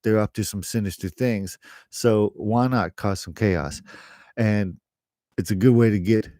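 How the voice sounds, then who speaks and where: A man's voice: lowish voice, a little mellow, no echo, studio quality. A middle-aged man, an English teacher, chatting casually to camera in a rambling way, with fillers and laughs.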